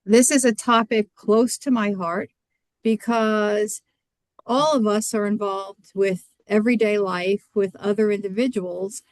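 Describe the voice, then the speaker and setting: Woman doctor presenting, earnest and measured, dry close sound, video call. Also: medium pitch, no echo. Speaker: physician giving a lecture.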